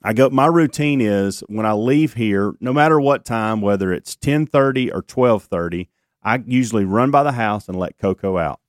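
This morning radio host has a lowish, animated voice at normal speed, recorded in studio quality without echo. Chatting casually, he spins out a long, rambling story, restarting often and filling gaps with ums.

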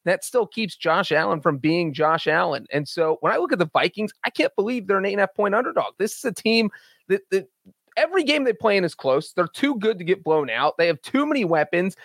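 A man's voice: high voice, big pitch swings, brisk, fairly bright tone, dry recording, studio quality. Upbeat man co-hosting a podcast. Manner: confident, joking. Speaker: podcast co-host. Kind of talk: casual sports betting chat.

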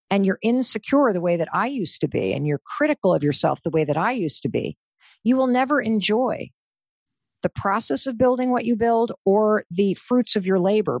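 A woman's voice: mid-range voice, dry recording. Motivational woman guest, emphatic and earnest, dry sound. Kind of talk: motivational conversation.

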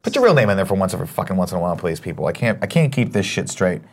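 A man's voice: sits low, rapid-fire. A man hosting a casual morning show, joking around and reading viewer comments aloud. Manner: joking, animated, swings into silly voices.

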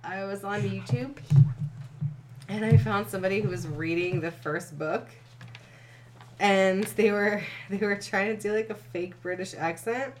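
A woman's voice: medium pitch, measured pace, slight background noise. A young woman co-hosting a podcast, reading fan fiction aloud and breaking off to laugh and swear. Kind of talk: casual reading and chat.

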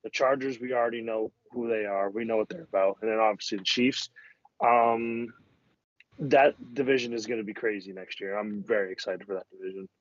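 A man's voice: on the low side, fairly even intonation, brisk. Opinionated man in casual sports chat. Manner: opinionated, filler-heavy. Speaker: podcast co-host. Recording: dull dry lo-fi audio.

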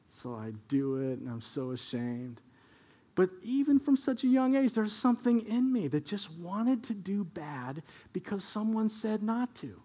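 Guy preaching a sermon, kinda high voice, storytelling, goes quiet then punchy. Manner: storytelling, shifts between hushed and emphatic. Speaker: pastor.

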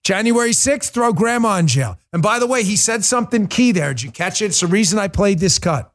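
Host, middle-aged man, fiery political monologue, voice sits a bit high. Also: very animated, fairly quick, hardly any pauses. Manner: impassioned, swings from quiet to loud indignation. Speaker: podcast host.

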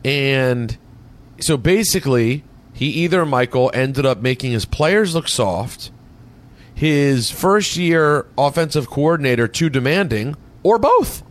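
A man hosting a sports talk show, teasing his co-host in quick casual banter. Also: mid-range voice, animated. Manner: teasing, quick back-and-forth.

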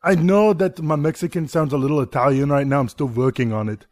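A man doing a comedy impression of a grandiose action-star governor, with halting, mock-serious delivery. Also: on the high side, a little mellow, no echo, studio quality, close to an everyday voice. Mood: boastful. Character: bombastic male action-star governor, booming and boastful.

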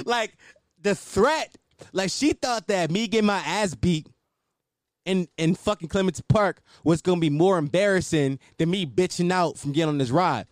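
A man's voice: sits high, sing-song, moderate pace, dry recording, clean studio sound. A man hosting a podcast, telling a story in a casual, profane monologue and often laughing. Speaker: podcast host.

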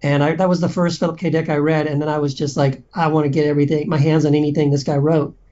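A man's voice: on the high side, little pitch movement, fast talker, dark tone, lo-fi sound. A man from Texas, an author, chatting as a podcast guest in a friendly, rambling way with many fillers. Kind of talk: casual interview chat.

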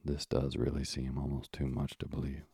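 A man narrating a classic storybook in a measured, old-fashioned manner, with moralizing asides. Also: very deep voice, monotone, warm tone, husky, dry recording.

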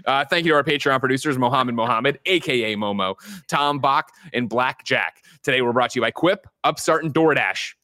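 A man's voice: medium pitch, expressive, fairly quick, bright, forceful tone, no echo, clean studio sound. A man hosting a daily games news show, joking and upbeat. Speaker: host. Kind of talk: casual podcast chat and show intro.

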